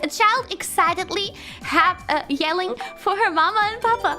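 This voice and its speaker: A young woman streamer chatting casually, excitable and teasing, breaking into squeals and laughs. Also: very high-pitched, normal speed, hardly any pauses. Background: background music.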